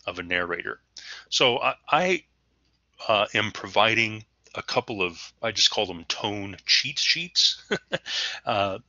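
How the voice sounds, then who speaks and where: A man with a low, very bright and forceful voice gives a recorded lesson in a relaxed, chatty way, slipping in fillers and playful spoken examples. The recording is dry and a little dull, with no room sound. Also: no room sound. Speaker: teacher. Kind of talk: recorded lecture.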